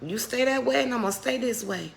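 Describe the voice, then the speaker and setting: A woman's voice: a little high, brisk, gravelly, a little hiss or hum. A middle-aged woman giving a motivational faith talk on a live stream, preacherly and calling her viewers "baby". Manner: preacherly, calls viewers "baby", greets chat by name.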